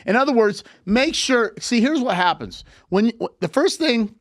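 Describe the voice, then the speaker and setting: A man's voice: sits high, sing-song, brisk, few pauses, no echo, clean studio sound. A man coaching on relationships in a live talk, lecturing emphatically with repeated points.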